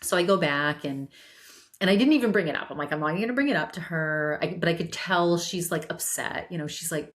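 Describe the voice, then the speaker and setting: A woman's voice: on the low side, animated, a little fast. A woman hosting a solo podcast, chatting casually and telling a family story with lots of restarts and repeated words. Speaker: podcast host.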